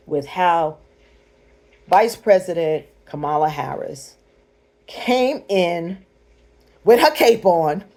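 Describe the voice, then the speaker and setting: A woman's voice: fairly low pitch, a little mellow. A woman, talking straight to viewers in an emphatic, preachy way. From United States. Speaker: vlogger. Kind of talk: casual direct-to-camera commentary.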